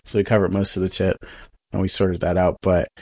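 A man's voice: sits low, flat delivery, brisk, a little mellow, dry recording. A man co-hosting a podcast, telling a story in a casual chat and acting out both sides of it. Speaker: podcast co-host.

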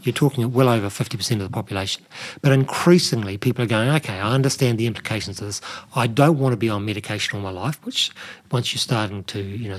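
Husky middle-aged man explaining nutrition. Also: medium pitch. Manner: explanatory, many "you know" fillers. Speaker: nutrition expert guest. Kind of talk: conversational interview.

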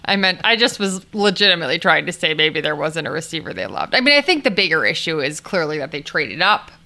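A woman's voice: low voice, big pitch swings, quick pace, pushed and bright. A woman co-hosting a podcast in casual chat, asking curious questions. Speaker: podcast co-host.

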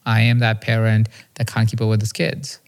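A man's voice: lowish voice, completely flat delivery, moderate pace, clear, resonant tone. A man in his thirties, a podcast host and coach, telling a personal story in an earnest, confessional way and often checking in with "right?". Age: 30s.

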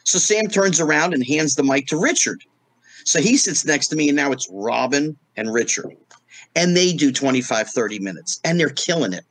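Husky middle-aged man telling stories. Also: fairly high pitch, moderate pace, no room sound. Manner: animated storyteller acting out quoted voices. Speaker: guest. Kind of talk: storytelling in a casual interview.

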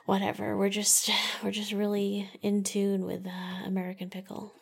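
A woman's voice: mid-range voice, completely flat delivery, moderate pace, creaky, darkish tone, husky. A young woman co-hosting a casual movie review podcast, chatty and full of "like". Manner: chatty, heavy use of "like". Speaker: podcast co-host.

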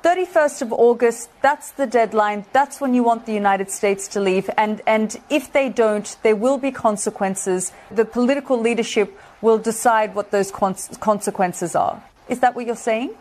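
A woman's voice: a little high, moderate pace, hardly any pauses, a little mellow. Firm woman pressing an interviewee. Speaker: news interviewer. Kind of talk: pointed interview questions.

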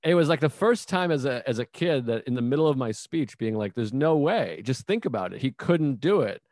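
A man in his thirties hosting a casual podcast interview, musing aloud and asking relaxed follow-up questions. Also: medium pitch, fairly quick, dry recording, studio quality. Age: 30s. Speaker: podcast host.

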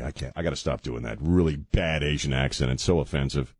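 A man's voice: deep voice, a little fast, few pauses, dry recording, clean studio sound. A man hosting a talk radio show, giving mocking, sarcastic political commentary and laughing at his own jokes.

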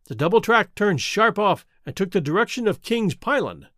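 Brief: a man narrating, expressive and measured, animated pitch. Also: dry recording, studio quality. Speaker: audiobook reader. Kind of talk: storybook narration.

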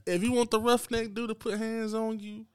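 A man's voice: high-pitched, level tone, moderate pace, smooth, dry recording, studio quality. A man hosting a podcast, delivering a blunt, unapologetic solo rant straight to his listeners. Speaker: podcast host.

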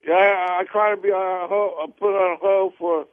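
Halting male caller on a tinny phone line. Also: high voice, little pitch movement, dry recording. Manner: halting, repeats himself. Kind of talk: phone call to a radio show.

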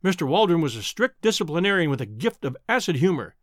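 A man reading a classic novel aloud as an audiobook narrator, measured and expressive. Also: on the high side, no room sound, clean studio sound.

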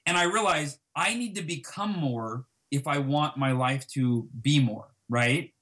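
A man telling a personal story as an interview guest, acting out past conversations with lively emphasis. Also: on the high side, unhurried. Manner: animated, reenacts dialogue with emphasis.

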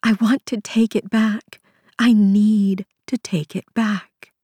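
A woman's voice: mid-range voice, steady tone, slow, warm tone, husky, dry recording, pitched above the performer's own voice. A woman voicing an anguished, guilt-stricken young woman in an audiobook, pleading through sobs and slipping into whispers. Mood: grief-stricken. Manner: sobbing, pleading, breaks into whispers. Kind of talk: audiobook character voice.

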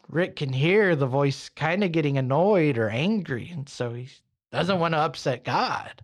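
A man hosting a podcast, narrating a story in an unhurried, conversational way with casual asides. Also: on the high side, lively intonation. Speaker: podcast host.

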